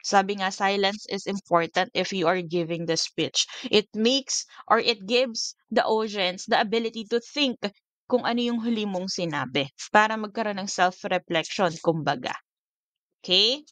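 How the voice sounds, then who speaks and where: Filipino woman teacher, mid-pitched, dry close recording, patient lecture delivery with frequent check-ins. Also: moderate pace, fairly bright tone, no room sound. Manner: code-switching, frequent "okay?" checks.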